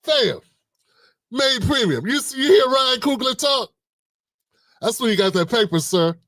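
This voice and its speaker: A man's voice: very high voice, expressive, a little slow, a bit bright, dry recording, clean studio sound. A middle-aged man hosting a livestream, slangy and joking, talking animatedly to his viewers. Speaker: host. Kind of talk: livestream commentary.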